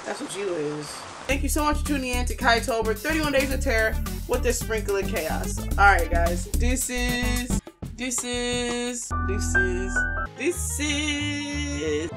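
A woman with a slightly high, expressive voice speaks slowly over background music. She hosts a horror game channel, loudly yelping and shouting when startled and teasing the game's characters in slangy language.

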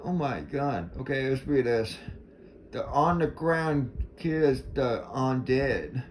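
Jumpy man narrating his horror gameplay; lively pitch, faint background noise. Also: slow pace. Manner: jumpy, exclaims loudly when startled. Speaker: gamer. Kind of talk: horror game commentary.

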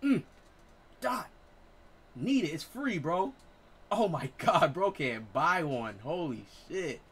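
A man in his late twenties giving excitable, profane live gameplay commentary as a streamer, trash-talking. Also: on the high side, takes it slowly, slight background noise. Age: 20s. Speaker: gaming streamer.

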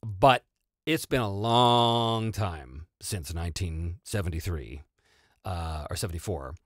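Slow and low, this tabletop RPG channel host fields viewer questions, captured in a dry, clean studio recording. He gets animated and rambles, restarting sentences and using lots of fillers.

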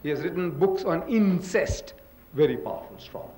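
A man's voice: on the high side, very animated, normal speed, darkish tone. A man from India raised in Africa, giving an emphatic public lecture and spelling words out letter by letter. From India, raised in South Africa. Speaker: lecturer in a public religious debate. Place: lecture hall. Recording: roomy hall echo.

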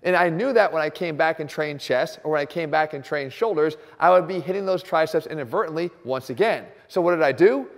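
A man explaining a workout as a fitness coach, talking emphatically and fast. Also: fairly high pitch, long reverb tail. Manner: emphatic and rapid. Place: gym.

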